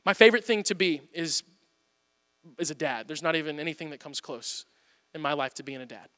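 A man in his thirties preaching a sermon, telling family stories with animated swings from loud to hushed. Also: a little high, a little fast, big-room sound. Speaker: pastor.

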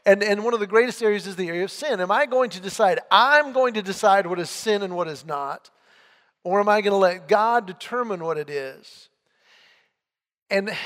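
High-voiced pastor preaching in a reverberant hall. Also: male voice, a bit bright. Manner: earnest, conversational preaching with rhetorical questions and quoted scripture. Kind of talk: sermon.

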